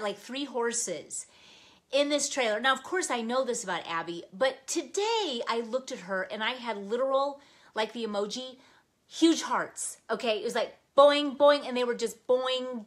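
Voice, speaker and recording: An older woman with a bright, forceful voice, pitched a little high, talks straight to her viewers on a live stream. She gushes with pride and excitement, tacks "okay?" onto her sentences and breaks into laughter. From Nebraska, US. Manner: chatty and gushing, peppers lines with "okay?" and laughs. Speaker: host of a live planner stream. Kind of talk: casual live-stream chat.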